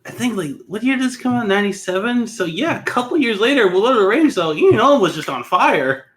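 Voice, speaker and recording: A man's voice: sits high, animated, brisk, fairly bright tone, a little hiss or hum. A man co-hosting a casual podcast, congested from a cold, eager and jokey. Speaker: podcast co-host. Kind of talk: casual chat.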